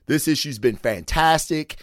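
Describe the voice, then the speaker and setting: A man's voice: a little high, measured pace, no room sound, clean studio sound. A man casually reviewing comic books, cursing freely and rambling with lots of fillers. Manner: profane, chatty, rambling with fillers. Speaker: comic book show host.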